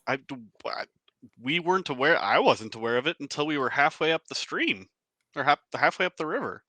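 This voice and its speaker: Dude voicing a young noble sorceress, awkward and stammery, bright voice, dry sound. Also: male voice, fairly high pitch, very animated, fairly quick, no room sound. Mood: awkward polite. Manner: hesitant, stammering politeness.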